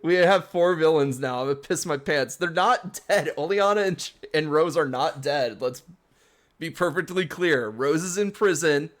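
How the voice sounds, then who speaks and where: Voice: mid-range voice, normal speed. A game streamer giving casual let's-play commentary, chatty and rambling, often breaking into laughter.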